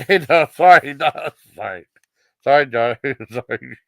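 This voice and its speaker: A man's voice: mid-range voice, lively intonation, measured pace, vocal fry, dry recording. Guy reviewing TV sketches in a loose, rambling, giggly way; dry, close-sounding recording. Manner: rambling, with many fillers and giggly asides. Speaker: TV comedy show reviewer. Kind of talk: casual chat.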